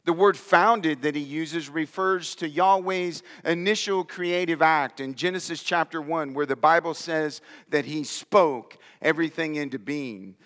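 A man's voice: on the high side, a little slow, hardly any pauses, fairly bright tone, long reverb tail. A man preaching a sermon, reading scripture aloud and speaking with emphatic conviction. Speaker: pastor.

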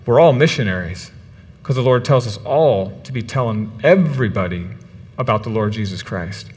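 Male pastor, sermon, animated storytelling, long church reverb. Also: medium pitch, moderate pace. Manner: animated, acts out biblical characters' words. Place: church in the UAE.

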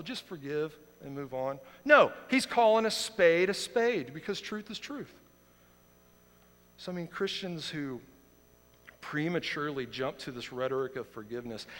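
A man in his thirties preaching a sermon as pastor, impassioned and swinging from quiet to loud outrage. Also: a little high. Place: church sanctuary. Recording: long reverb of a large hall.

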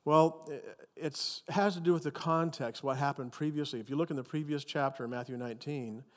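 A male pastor preaching a sermon with animated, emphatic storytelling. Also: on the high side, fairly quick, big-room sound.

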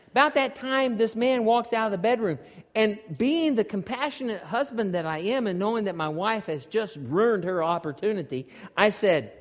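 A man preaching a sermon, telling a story with animated energy and climbing almost to shouts at its peaks. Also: high voice, moderate pace. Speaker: pastor. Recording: long hall reverb.

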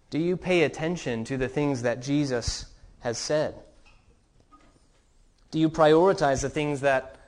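An earnest male pastor delivering a sermon at a steady medium pitch. He poses questions to his listeners and occasionally restarts a phrase.

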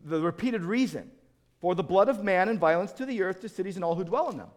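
A middle-aged male pastor preaching an animated sermon, acting out quoted voices and often restarting his sentences. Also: sits high, fast talker.

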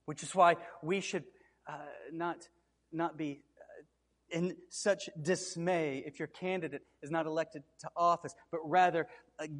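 A man's voice: a little high, in a large hall. A man preaching a sermon as pastor, building to emphatic, repeated cries.

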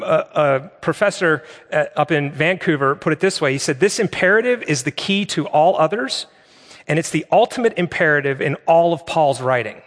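A man's voice: on the high side, fairly bright tone, in a large hall. A middle-aged man preaching a sermon in a conversational way, asking the congregation rhetorical questions. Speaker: pastor.

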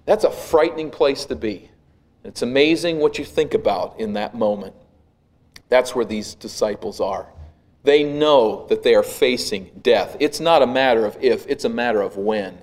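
This is a male pastor's sermon, delivered at a moderate pace in a medium pitch. His retelling of a scene is vivid and dramatic, rising and then sinking to a hush.

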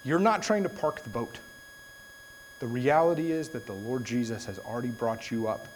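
A man's voice: medium pitch, moderate pace, a little hiss or hum, poor audio. A young adult man giving a sermon, telling a story in a casual way and then turning it into an earnest exhortation. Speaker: preacher.

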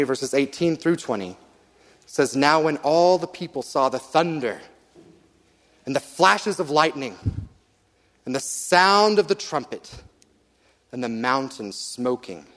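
A man preaching a sermon, reading scripture aloud and slowing down earnestly to stress key lines. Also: medium pitch, a bit bright, in a large hall. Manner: earnest, measured, slows for emphasis.

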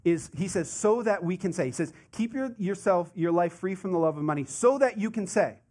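A man preaching a sermon in a conversational, animated way, full of asides and rhetorical questions. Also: sits high, a little fast. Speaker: pastor.

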